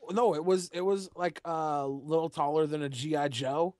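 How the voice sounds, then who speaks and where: A man's voice: on the high side, steady tone, moderate pace, darkish tone, no room sound, studio quality. A young man co-hosting a casual podcast in a laid-back, rambling way, often saying dude. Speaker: podcast co-host.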